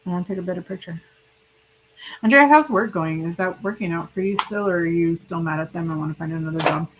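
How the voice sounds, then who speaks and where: A woman with a slightly low voice rambles chattily to her stream viewers. She is sick and hiccuping, talking straight to her audience in a loose, casual way. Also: fast, slight background noise, rough recording. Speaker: livestream host. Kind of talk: casual livestream chat.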